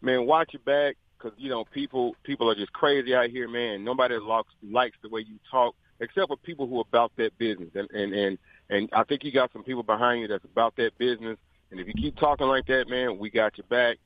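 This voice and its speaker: A man's voice: medium pitch, steady tone, a little fast, dry recording. A man calling in to a radio show, rambling and earnest, saying "man" a lot. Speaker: caller. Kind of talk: phone-in chat. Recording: tinny phone line.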